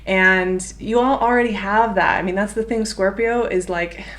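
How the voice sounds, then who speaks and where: A young woman giving a gentle, earnest intuitive tarot reading, encouraging and warm-hearted in her words. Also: medium pitch, steady tone, normal speed. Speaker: tarot reader.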